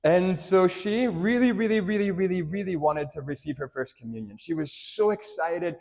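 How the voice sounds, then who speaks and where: Conversational priest, fairly high voice. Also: male voice, animated, normal speed, creaky, a little mellow. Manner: conversational storytelling, frequent "right?" tag questions; addresses children directly with simple questions. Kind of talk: homily to a parish congregation.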